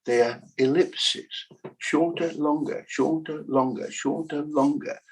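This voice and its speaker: A man's voice: fairly high pitch, breathy edge, pitched above the performer's own voice, low-quality recording. A man putting on an earnest German astronomer. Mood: earnest explaining. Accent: put-on German. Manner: mock-German word endings, slow emphatic explaining. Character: old male German astronomer, earnest and explaining.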